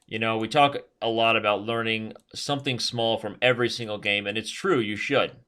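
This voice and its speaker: A man commentating his own online chess games while playing, animated and self-mocking, giving advice. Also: lowish voice, fairly quick, clean tone. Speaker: chess master streamer.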